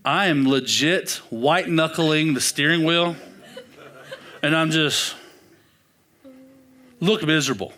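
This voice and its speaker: A young man, preaching in a church and telling his own story in an animated, self-deprecating way. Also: on the high side, slow, pauses often, a little hiss or hum. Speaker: pastor. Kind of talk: storytelling sermon. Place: church sanctuary.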